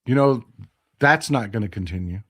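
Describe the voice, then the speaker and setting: A man's voice: lowish voice, lively intonation, moderate pace, slightly rough. Impassioned Texan man hosting a live stream. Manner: impassioned, swings from loud outrage to quiet hushed replies. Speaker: live stream host reading viewer comments. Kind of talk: casual political live stream commentary.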